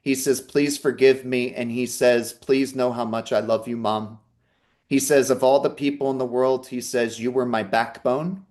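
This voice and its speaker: A man's voice: mid-range voice, steady tone, normal speed, darkish tone. A man working as a psychic medium in an online talk, earnestly relaying messages and reassuring the listener over a video call. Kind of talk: live online talk and reading.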